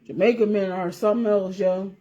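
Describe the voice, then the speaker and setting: A woman's voice: mid-range voice, steady tone, fairly quick, dark tone, highs cut off. A woman vlogger chatting casually to her viewers, rambling and repeating herself, swearing freely and laughing as she talks. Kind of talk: casual chat to camera.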